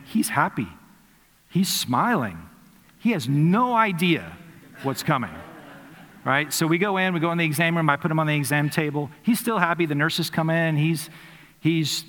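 Earnest pastor preaching in a reverberant hall. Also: male voice, a little high. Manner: storytelling, earnest, with soft reflective drops. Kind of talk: sermon.

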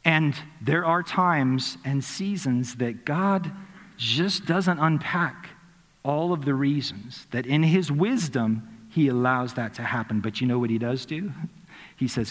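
A man preaching a sermon as a pastor, telling a personal story earnestly, dropping softly into reflective moments. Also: mid-range voice, lively intonation, unhurried. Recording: long hall reverb.

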